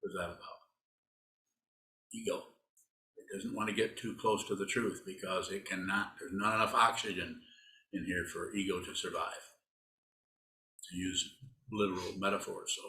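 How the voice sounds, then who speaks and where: A man's voice: deep voice, fairly even intonation, normal speed, long pauses, pushed and bright, roomy sound, poor audio. A man giving a casual, rambling dharma talk as a Buddhist teacher, teasing and answering his students' questions.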